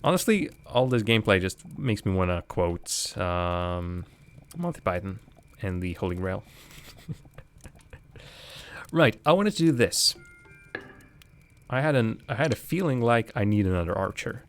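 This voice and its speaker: Man, game streamer, low voice, lively pitch, rambling casual commentary, faint music behind. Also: unhurried, pauses often. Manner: rambling, chatty, laughs often, restarts phrases. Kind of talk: casual live gameplay commentary.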